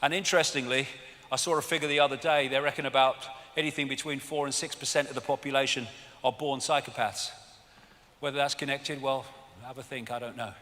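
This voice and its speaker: An English man giving a live seminar lecture, animated and mocking, swearing freely. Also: mid-range voice, brisk. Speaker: seminar speaker. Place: lecture hall with audience. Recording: long hall reverb, faint audience.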